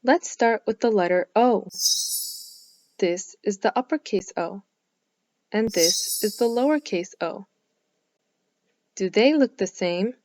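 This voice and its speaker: A woman teaching phonics to young children, speaking slowly and clearly, with lots of encouraging praise and drawn-out vowel sounds. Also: mid-range voice, darkish tone, dry recording, clean studio sound. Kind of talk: slow, clearly enunciated lesson for young children.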